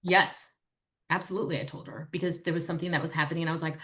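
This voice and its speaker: A woman's voice: low voice, quick pace. A woman in her forties, a podcast guest, candidly and animatedly telling personal stories in casual chat. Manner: candid, animated storytelling with swearing.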